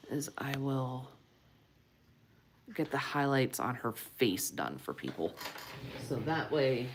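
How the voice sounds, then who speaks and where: Woman, art livestream tutorial, gravelly fry, casual and encouraging, mutters asides under her breath. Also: rumbling low, big pitch swings, slight background noise. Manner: unhurried, loose and encouraging. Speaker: comic artist streaming a marker demo.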